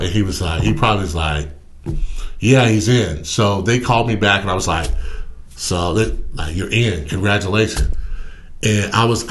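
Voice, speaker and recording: A middle-aged man, a former pro football player, telling stories in a casual interview and acting out the other voices in them. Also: low voice. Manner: animated storyteller who acts out the other voices in his stories.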